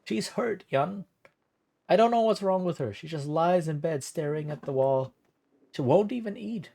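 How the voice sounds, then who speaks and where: A man voicing a worried young mother in a game, speaking softly and pleadingly. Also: a little high, expressive, moderate pace, gravelly, voice pushed up. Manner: pleading, soft.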